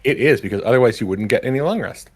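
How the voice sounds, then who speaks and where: A man's voice: medium pitch, lively intonation, quick pace, breathy edge. A man narrating as game master of a tabletop game stream. He explains rules and scenes with frequent ums.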